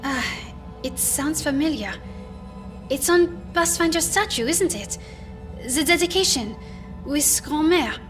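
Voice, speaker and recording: An actress playing an earnest, gentle young woman. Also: high voice, animated, a little slow, pauses often, over music. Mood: polite. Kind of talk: game cinematic voice acting.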